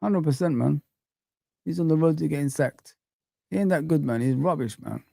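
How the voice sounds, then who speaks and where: A man's voice: fairly high pitch, moderate pace, gravelly, warm tone, dry recording, studio quality. A man hosting a football live stream, ranting in heated street slang as he reads the chat.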